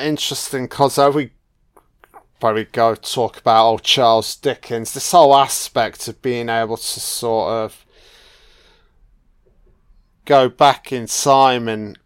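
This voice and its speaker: A man's voice: mid-range voice, clean tone, no room sound, clean studio sound. A man giving a casual, laid-back film commentary, swearing freely and often adding "you know".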